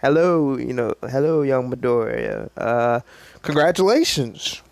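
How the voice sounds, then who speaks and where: A man's voice: medium pitch, a little slow, creaky, no room sound. A man voicing a cheerful adult male hero mentor in a hearty, congratulating tone.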